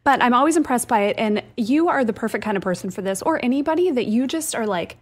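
A woman's voice: fairly high pitch, animated, quick pace. Upbeat woman co-host explaining. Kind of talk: casual radio show chat.

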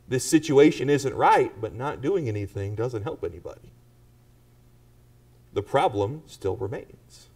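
A man's voice: mid-range voice, dark tone, distant mic. A man preaching a sermon to a congregation and pressing them with pointed rhetorical questions. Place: church.

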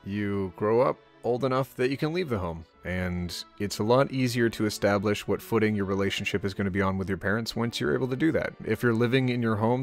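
A young man hosting a casual meme-reaction chat, playful and jokey, laughing often. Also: lowish voice. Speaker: host.

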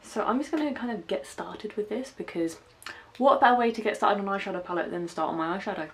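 A young makeup vlogger from England's West Country, with a light West Country accent, chats casually through a makeup tutorial. Her medium-pitched voice is a bit bright and fast, and she narrates each step with self-deprecating asides.

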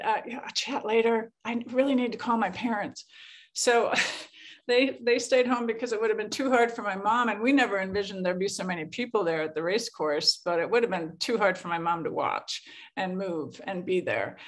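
A woman in her sixties telling a personal story at a webinar, laughing often and acting out quoted lines. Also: mid-range voice. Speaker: guest speaker. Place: webinar talk, home setting.

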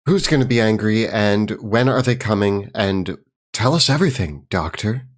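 A man's voice: lowish voice, lively intonation, moderate pace. Firm male tabletop player. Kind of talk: casual tabletop play.

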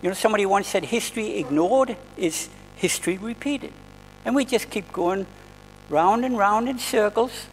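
High, gravelly-voiced male preacher. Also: big-room sound, poor audio. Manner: earnest, conversational preaching with restarts. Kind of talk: sermon. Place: church hall.

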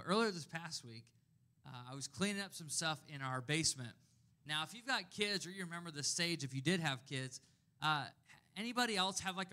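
Bright, lively-voiced pastor preaching. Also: male voice, fairly high pitch. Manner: conversational, animated storytelling. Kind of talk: sermon.

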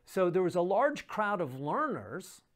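A pastor giving a daily devotional Bible teaching in a conversational way, often pausing and restarting, reading verses aloud and then explaining them. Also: mid-range voice, very animated. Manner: conversational, with frequent fillers and restarts; reads scripture aloud and explains it.

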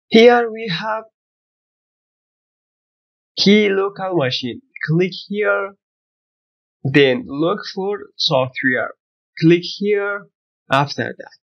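Tutorial host, male, high voice, slow, simple broken English, dull lo-fi recording. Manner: non-native English with broken grammar, step-by-step instructions. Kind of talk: screen-recorded software tutorial.

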